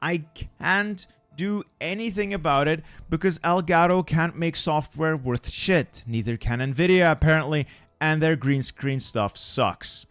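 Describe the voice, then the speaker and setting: A man's voice: on the high side, measured pace, a bit bright, clear, resonant tone, no room sound. A young man streaming a strategy game from home, grumbling at broken gear and swearing as he chats with viewers. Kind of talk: casual live-stream chat.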